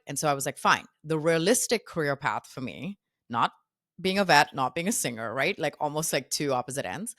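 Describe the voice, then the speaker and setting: A woman's voice: low-pitched, dry recording, studio quality. A woman in her thirties, a podcast guest, telling stories from her past and acting out quotes from herself and others. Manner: animated, quotes herself and others in lively voices. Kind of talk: casual storytelling interview.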